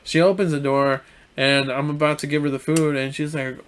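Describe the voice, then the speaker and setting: A young man recounts a story on a casual podcast, his slightly high voice stumbling through restarts. He acts out the other person's lines as he goes. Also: flat delivery, smooth. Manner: halting, full of restarts and fillers, acts out quoted lines. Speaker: podcast co-host.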